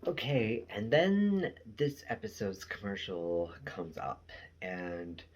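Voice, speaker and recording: A man with a low, deep voice recapping a TV episode in a loose, casual way. He talks slowly and unhurriedly, rambling along with fillers and trailing asides. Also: sing-song. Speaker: show reviewer.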